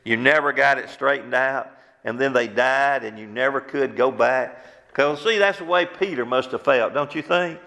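A man's voice: medium pitch, normal speed, gravelly, sharp tone. A man preaching a sermon as pastor, using fervent rhetorical questions. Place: church sanctuary. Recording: long church hall reverb.

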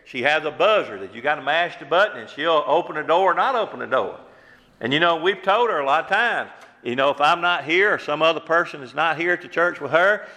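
Preacher guy, kinda high bright voice, earnest, keeps asking questions, echoey church hall. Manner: earnest, repetitive, with many rhetorical questions. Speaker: pastor. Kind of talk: sermon.

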